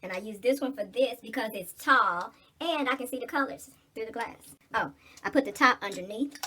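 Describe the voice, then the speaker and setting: A woman's voice: on the high side, moderate pace, sharp tone, slight background noise. A middle-aged woman in casual get-ready-with-me chat, blunt, preachy and full of cursing. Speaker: vlogger.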